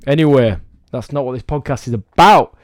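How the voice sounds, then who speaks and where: A man's voice: medium pitch, fairly quick, no room sound, studio quality. Man with a cold rambling on his podcast. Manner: rambling, self-deprecating, playful. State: has a cold, under the weather. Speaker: podcast host, fitness coach. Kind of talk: casual solo podcast chat.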